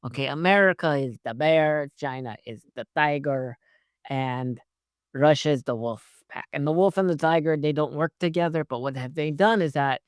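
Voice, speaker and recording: A man's voice: on the high side, normal speed, clear, resonant tone, no echo, clean studio sound. A man hosting his own show, giving a casual, rambling recap of a TV episode with frequent swearing. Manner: rambling, profane, conversational. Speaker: host.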